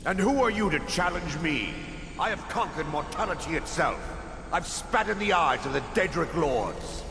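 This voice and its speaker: Arrogant, death-defying sorcerer. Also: male voice, on the high side, expressive, normal speed, vocal fry, bright, forceful tone, exaggerated voice. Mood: defiant. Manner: arrogant, defiant. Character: defiant male sorcerer who conquered death. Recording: echoey reverberant game audio.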